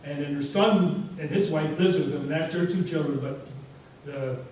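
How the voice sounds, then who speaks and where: A man with a somewhat high voice tells rambling, easygoing anecdotes to a room, his words scattered with "you know". He is caught from a distance in a very echoey hall with a faint hiss underneath. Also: moderate pace, darkish tone. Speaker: guest speaker. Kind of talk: casual storytelling presentation.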